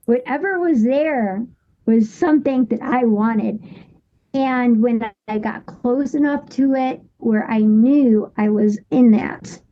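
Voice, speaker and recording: A woman in her thirties, a guest on an interview show, telling a personal story in a halting way with many restarts and fillers. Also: on the high side, dull audio.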